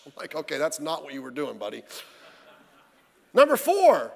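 A man's voice: on the high side, sing-song, brisk, vocal fry. A male pastor giving a midweek sermon in church, talking in a folksy, conversational way with lots of rhetorical questions. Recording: reverberant church hall.

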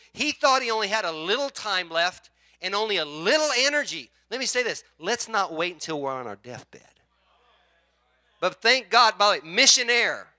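A pastor with a voice that sits high preaches a sermon, acting out voices in his story and swinging from quiet asides to loud shouts. There's no room sound.

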